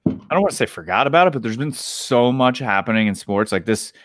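A man's voice: mid-range voice, expressive, fast talker, no room sound, clean studio sound. A man co-hosting a podcast, chatting casually with short agreeing replies. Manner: easygoing, brief agreeing replies. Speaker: podcast co-host.

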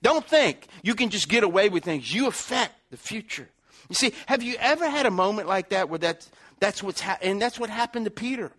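A man's voice: high-pitched, animated, brisk, fairly bright tone. A man preaching a sermon conversationally, acting out the people in his story. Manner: conversational preaching, acts out quotes, many restarts. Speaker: pastor.

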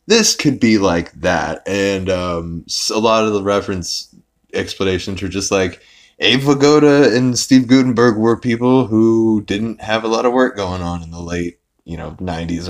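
A man's voice: fairly low pitch, moderate pace. A young man hosting a podcast, recapping an episode in a rambling, casual way with lots of fillers and restarts. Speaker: podcast host.

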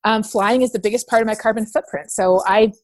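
Animated woman from Canada, dry sound. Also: medium pitch, brisk, no room sound. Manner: animated storytelling, acts out quoted voices. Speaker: interview guest. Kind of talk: casual interview talk.

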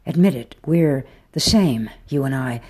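A woman voicing a frail old man who pleads in a husky, dark whisper. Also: rumbling low, lively intonation, measured pace, exaggerated voice. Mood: pleading. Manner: pleading, insistent. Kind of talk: audiobook character reading.

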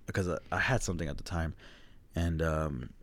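Podcast co-host, young man, low voice, laid-back and profane, dry close mic. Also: fairly even intonation, a little fast, fairly bright tone, no room sound. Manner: laid-back storytelling, swears and laughs a lot. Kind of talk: casual chat.

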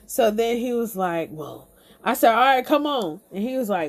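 A woman's voice: a little high, lively intonation, moderate pace, breathy edge. A woman host telling a comic story in a casual, profane and exasperated way. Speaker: podcast host.

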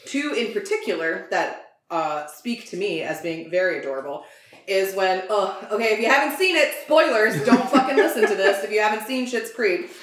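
A woman's voice: medium pitch, sing-song, moderate pace. A woman chats on a podcast in a mid-range voice, gushing about what she loves and swearing without a second thought. Her talk runs on ums and likes. The room around her adds a noticeable echo. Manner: chatty, gushing, swears freely, many fillers. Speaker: podcast co-host. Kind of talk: casual chat. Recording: roomy echo.

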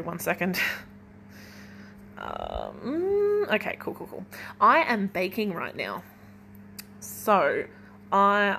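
A woman's voice: medium pitch, fairly bright tone, a little hiss or hum. A young woman hosting a casual solo podcast from her kitchen at home, chatting in a rambling way full of "like". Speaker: podcast host.

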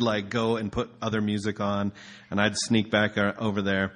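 A man's voice: on the low side, little pitch movement, a little fast. A man preaching casually as a pastor, telling a story in a loose, conversational way with filler words.

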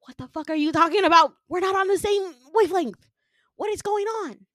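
A panicked young woman, voiced by a woman retelling a dream, yelling in high, loud disbelief. The words burst out fast and sharp, and she sounds thrown by what she sees. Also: no room sound, studio quality. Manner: shouting in disbelief.

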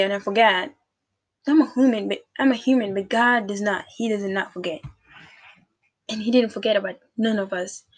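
Earnest woman sharing faith. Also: mid-range voice. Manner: earnest, repetitive, talks straight to listeners. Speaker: faith vlogger. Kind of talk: casual devotional talk.

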